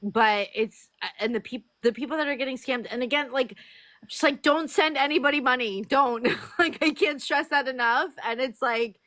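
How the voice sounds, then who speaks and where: A woman's voice: sits high, normal speed, bright, forceful tone, dry recording. A woman guest on a casual live-stream chat, earnest and filler-heavy.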